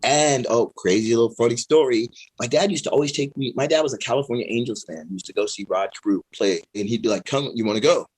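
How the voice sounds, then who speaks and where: A middle-aged man, a guest on an interview show, telling stories in a relaxed way, laughing often and acting out what others said. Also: mid-range voice, fast talker, hardly any pauses, husky, low-quality recording. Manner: animated, laughing storyteller who acts out quoted voices. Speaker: guest, pro skateboarder and musician. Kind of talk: casual interview storytelling.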